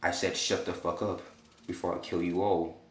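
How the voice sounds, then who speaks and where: A cold, menacing teenage boy hero in a fan story, flat and threatening, as a man puts him on. The voice sits low and a bit hushed, and the room gives it a roomy echo. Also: moderate pace, natural voice.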